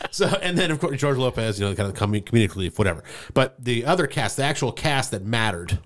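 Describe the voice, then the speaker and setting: A man's voice: medium pitch, brisk, slight background noise. A man co-hosting a movie podcast, talking animatedly and acting out quoted lines in casual chat. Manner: animated, acts out quoted lines, laughs often. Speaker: podcast co-host.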